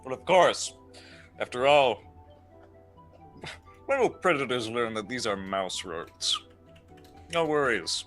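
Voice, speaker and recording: A man's voice: mid-range voice, lively intonation, slow pace, long pauses, a bit bright, faint music behind. A man playing an earnest, proud guard mouse in a tabletop game, stumbling over his words now and then. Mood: proud, friendly. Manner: hesitant, with many restarts. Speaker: player.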